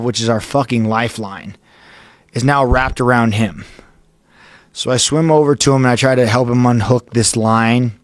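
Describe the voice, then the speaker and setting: A medium-pitched man, recorded with no echo, tells the story of a harrowing cave dive as a guest in a relaxed podcast conversation. Intense and halting, he curses often and keeps stopping to start over.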